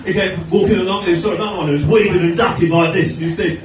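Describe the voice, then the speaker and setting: A middle-aged Australian man doing a stand-up comedy set, telling chatty stories with deadpan punchlines. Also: high voice, racing. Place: comedy venue stage with audience laughter. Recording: echoey room from far off, noisy.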